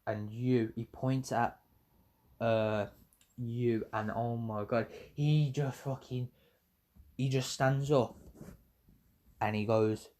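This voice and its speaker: A man's voice: mid-range voice, steady tone, takes it slowly, long pauses, a little mellow. A man tells a fan story in a loose, casual way. He rambles, stops to correct himself and swears freely, with a mid-range voice. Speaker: YouTuber telling a fan story.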